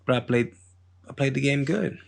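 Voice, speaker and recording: A man hosting a podcast, telling a story in a casual monologue, unhurried and digressive with a street-wise manner. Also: mid-range voice, gravelly. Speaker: podcast host.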